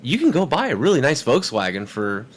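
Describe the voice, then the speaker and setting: A fairly quick male speaker with a mid-range voice, heard over a little hiss or hum, is a podcast guest telling a story in an easygoing chat. He's animated and acts out the quoted voices.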